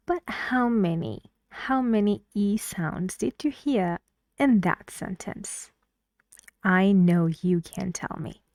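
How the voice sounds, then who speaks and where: A woman's voice: medium pitch, a little mellow, no room sound, clean studio sound. A woman teaching English pronunciation, patiently drilling words and repeating them for emphasis. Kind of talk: language lesson.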